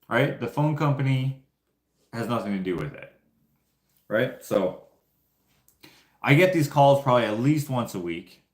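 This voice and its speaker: Canadian man, lowish voice, rambling and laughing, echoey room. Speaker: YouTuber. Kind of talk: casual storytelling to viewers.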